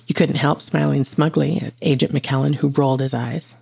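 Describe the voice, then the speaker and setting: Husky, gravelly male narrator for a hushed, creepy second-person story. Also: mid-range voice, little pitch movement, normal speed, hardly any pauses.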